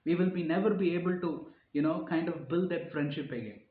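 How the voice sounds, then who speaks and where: Man, earnest sermon-style talk, fairly high voice, echoey room, slightly dull sound. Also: brisk. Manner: earnest, repeats phrases and restarts, rising emphasis on key points. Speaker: speaker giving a reflective talk. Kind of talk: informal sermon-style reflection.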